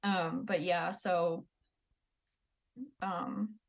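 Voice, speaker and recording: A woman's voice: fairly low pitch, little pitch movement, extremely slow, creaky. A woman in her twenties, a podcast guest, talking candidly in a blunt, profane way. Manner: blunt and profane, acts out quoted people. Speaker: podcast guest, Army veteran. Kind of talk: candid casual storytelling.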